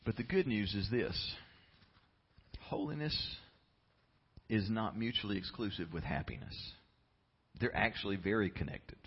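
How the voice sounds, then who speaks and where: A man's voice: medium pitch, breathy edge, muffled recording. A man preaching a sermon as pastor, telling a story and building to passionate emphasis.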